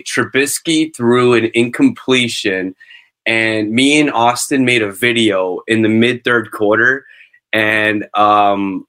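Male podcast co-host, bright forceful tone, halting and filler-heavy. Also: lowish voice. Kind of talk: casual chat.

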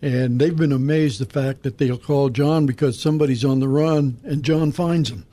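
A man co-hosting a Christian radio show, reading scripture verses and talking through them in a halting, casual way. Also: medium pitch, dark tone. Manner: halting, reads scripture aloud and dedicates it. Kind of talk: Bible study radio talk.

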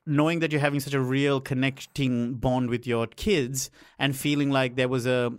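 A man's voice: mid-range voice, steady tone, moderate pace, clear, resonant tone, no room sound, studio quality. A man co-hosting a podcast, chatting in a reflective, nostalgic way with self-deprecating humor. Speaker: podcast co-host. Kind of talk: casual chat.

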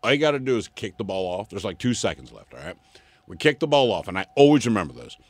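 Lively, animated man telling a story. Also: quick pace, no echo. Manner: animated, acts out quoted people with big pitch jumps. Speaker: podcast co-host. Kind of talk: casual storytelling chat.

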